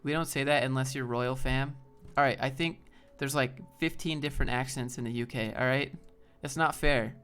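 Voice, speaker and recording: A man hosting a live stream chats loosely, rambling and answering viewers' comments as they come in. His voice sits at an everyday middle pitch. Faint music plays quietly in the background. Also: fairly even intonation, clean tone. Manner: rambling, loose, quick asides to chat. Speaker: livestream host. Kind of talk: casual live stream chat, reading chat.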